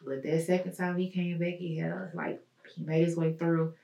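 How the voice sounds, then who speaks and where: Guest woman, slightly rough voice, halting testimony, recorded from a distance with room echo. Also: fairly low pitch, level tone, warm tone, lo-fi sound. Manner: halting, searching, with many pauses and fillers. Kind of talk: personal testimony in an interview. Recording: roomy echo, mic at a distance.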